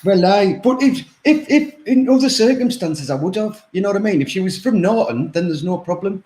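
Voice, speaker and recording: A man's voice: high voice, expressive, fairly quick, darkish tone, echoey room. A man, co-hosting a crude comedy chat show, giggling often. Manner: giggly, laughs a lot, crude. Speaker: co-host.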